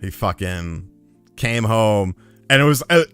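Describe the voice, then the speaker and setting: A young man streaming live, telling a crude anecdote in a casual, profane, animated way to his chat. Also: on the low side, unhurried, smooth, faint music behind.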